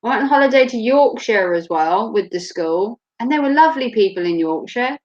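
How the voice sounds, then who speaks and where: A woman's voice: fairly high pitch, expressive, brisk, a little mellow. A woman from Norfolk with a Norfolk English accent, hosting a casual chat in a blunt, joking way and laughing often. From Norfolk, England. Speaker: host. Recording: muffled lo-fi recording.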